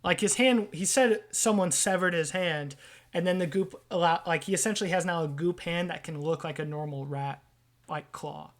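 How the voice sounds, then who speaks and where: A woman's voice: fairly low pitch, normal speed. Woman game master, loose and casual. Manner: casual, loose, full of fillers. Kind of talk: narrating a tabletop game.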